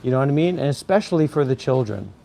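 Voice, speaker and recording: A man's voice: mid-range voice, lively intonation, fast, gravelly, warm tone. A man who is a former Buddhist monk, talking to camera outdoors in a graveyard. He rambles and preaches, repeating phrases over and over.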